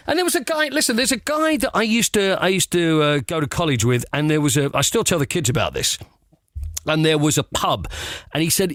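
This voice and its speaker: A man, a sports radio presenter, chatting as a guest and telling playful stories in a comic, animated way. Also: high-pitched, fairly quick, dry recording, studio quality. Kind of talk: comic casual chat.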